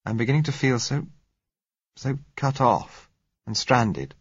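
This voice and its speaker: A man's voice: fairly low pitch, brisk, breathy edge, dry recording, muffled recording, pitched above the performer's own voice. A male narrator voicing a spirited young woman, shaken but wry, in a lifted, clipped delivery for a storybook reading. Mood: earnest.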